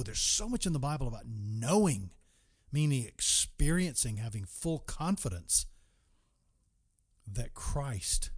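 Man, preacher, Bible sermon, earnest, direct questions to listener, slow stretched words for emphasis. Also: medium pitch, very animated, slightly rough.

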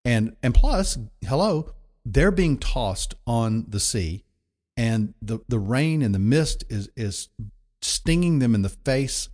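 A man's voice: medium pitch, lively intonation, takes it slowly, a little mellow. A man preaching a sermon in a conversational, emphatic way, often repeating himself for effect. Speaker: pastor.

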